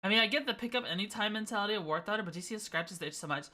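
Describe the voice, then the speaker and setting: Woman streamer, bright voice, chatty and playful, laughs often. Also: mid-range voice, very fast. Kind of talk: casual gaming stream chat.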